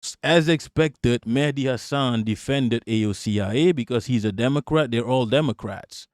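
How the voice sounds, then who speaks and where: A man's voice: mid-range voice, normal speed, darkish tone, no room sound, clean studio sound. A man live-streaming as host, reacting to political clips in heated, profane commentary and repeating lines for emphasis.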